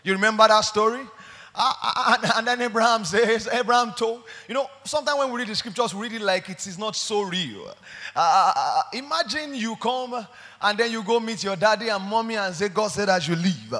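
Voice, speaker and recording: A man preaching a sermon, animated and full of stories. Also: sits high, a little fast. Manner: animated, storytelling with acted quotes. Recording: long hall reverb.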